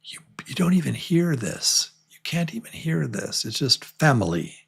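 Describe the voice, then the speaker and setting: A man teaching English pronunciation to beginners. He repeats each word slowly and clearly and talks straight to the learners to encourage them. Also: fairly high pitch, big pitch swings. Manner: drills words slowly, repeating them many times. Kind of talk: slow, repetitive pronunciation lesson.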